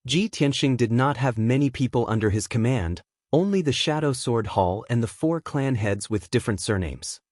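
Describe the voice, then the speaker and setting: A man narrating an audiobook in a steady, even manner. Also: medium pitch, moderate pace, hardly any pauses, dry recording, studio quality. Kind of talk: scripted narration.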